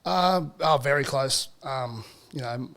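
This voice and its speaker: A middle-aged Australian man, a podcast guest, telling relaxed stories in casual chat with broad slang. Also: medium pitch, takes it slowly. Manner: laid-back storyteller, broad slang.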